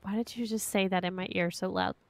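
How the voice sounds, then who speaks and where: A woman's voice: mid-range voice, steady tone, fast talker, no echo. A woman co-hosting a live game stream, teasing her partner and swearing freely in casual chat. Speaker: co-host watching the game.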